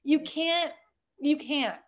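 A woman's voice: high-pitched, slow. A woman founder telling her story in a casual interview, chatty and full of fillers, laughing often. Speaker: startup founder, guest.

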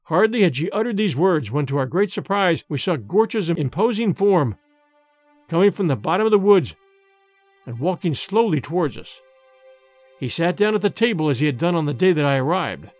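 A man narrating a first-person story in a dramatic, expressive way. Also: on the high side, normal speed, no room sound. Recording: dry close recording with faint music.

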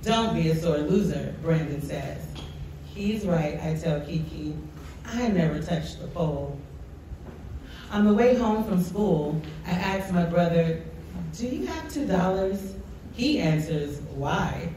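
A woman author reading a children's story aloud to a young audience, with an expressive storytelling delivery. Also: fairly low pitch, slow pace, a little hiss or hum. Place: large echoey room with an audience. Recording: echoey room from far off.

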